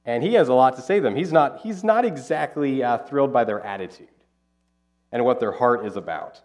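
A man preaching a conversational, animated Bible-teaching sermon as pastor. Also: medium pitch, a little fast.

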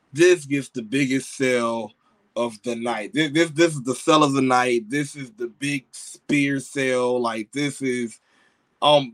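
In a low-quality recording without echo, a married adult man with a mid-range voice hosts a wrestling podcast. He reviews wrestling in a casual, excitable ramble, full of slang, fillers and restarts.

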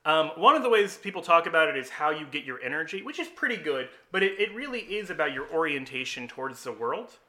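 A man with a very bright, sharp-edged voice, talking in a casual, explanatory way. He tells stories with lively energy and breaks into chuckles often. His pitch sits a little high for a man. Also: fast talker, few pauses. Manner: animated storyteller, chuckles often. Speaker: host explaining personality types.

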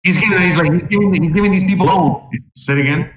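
A man's voice: high voice, fast talker, far from the mic, over a noisy crowd. A man talks in a heated, profane rant, full of fillers. His voice rings in a roomy space. He sits back from the microphone. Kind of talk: casual ranting chat. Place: home in Mexico.

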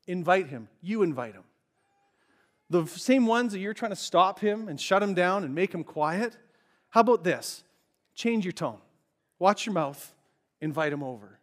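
A man preaching a sermon as a pastor, telling a story with animated delivery and briefly acting out the voices of people in it. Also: high-pitched.

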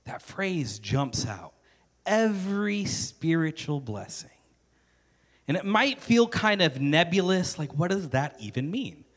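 A man's voice: a little high, big pitch swings, slow pace, long reverb tail. A male pastor preaching a sermon in an earnest, conversational way, building to emphatic repetition.

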